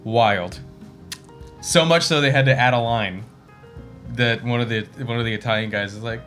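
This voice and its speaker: A man's voice: mid-range voice, moderate pace, a bit bright, soft background music. A man co-hosting a casual movie discussion, rambling and swearing freely as he recounts scenes. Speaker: podcast co-host.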